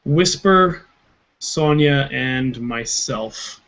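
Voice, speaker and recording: A man's voice: mid-range voice, drawn-out words, fairly bright tone. A man playing a tabletop game, tentative and thinking aloud about his moves. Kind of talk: casual game chat. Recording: muffled lo-fi recording.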